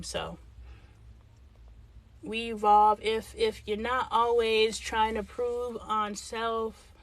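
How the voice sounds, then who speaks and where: A woman's voice: fairly high pitch, fairly bright tone, no echo. A middle-aged woman hosting a livestream, chatting frankly and thinking aloud as she answers viewers' comments. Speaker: livestream host. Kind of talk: casual livestream chat reading comments.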